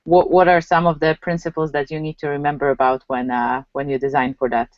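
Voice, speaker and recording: A woman moderating an online discussion, passing on a viewer's question in a halting way with many fillers. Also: low voice, level tone, no echo. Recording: dry, muffled lo-fi audio.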